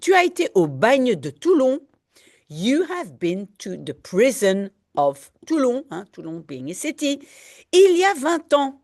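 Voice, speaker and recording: Slow, lively-voiced woman teacher. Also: medium pitch, no echo, clean studio sound. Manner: patient, explaining vocabulary, peppered with "hein". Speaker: language teacher. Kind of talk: reading a French novel aloud and translating it line by line.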